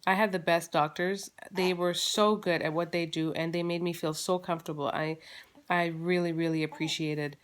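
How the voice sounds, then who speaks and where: A woman's voice: fairly low pitch, fairly even intonation, moderate pace, smooth. A woman in her thirties, a mother and vlogger, chatting casually to camera at home with lots of fillers and restarts. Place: at home, holding her baby.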